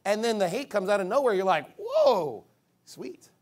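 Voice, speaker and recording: A man preaching a sermon, reading scripture slowly with rising emphasis and breaking into animated, mocking asides with sudden shouted bursts. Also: high-pitched. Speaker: pastor.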